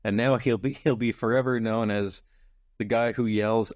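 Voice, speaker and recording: A man's voice: fairly low pitch, fairly even intonation, normal speed, a little mellow, dry recording, studio quality. A man co-hosting a podcast, joking and laughing as he recaps a book. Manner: jokey, laughs often. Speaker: podcast co-host. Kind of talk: casual book club chat.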